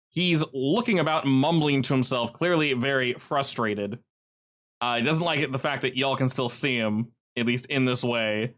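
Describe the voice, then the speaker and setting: A man narrating as game master for a tabletop session over an online call. His voice sits at an ordinary middle pitch and keeps leaping up in excitement as he describes the action. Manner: lively narration with animated pitch jumps.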